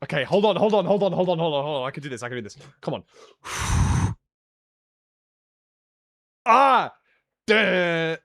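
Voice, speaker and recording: A man streaming a game live, talking to himself in repeated short phrases and bursting into loud, sweary frustration. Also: a little high, animated, rapid-fire, hardly any pauses, no room sound, studio quality. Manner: swings into loud frustrated outbursts with heavy swearing. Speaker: livestreamer.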